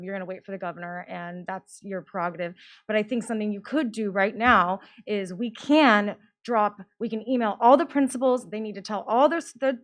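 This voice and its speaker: A woman making a practical, persuasive public comment at a school board meeting. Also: medium pitch. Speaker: parent speaking at public comment.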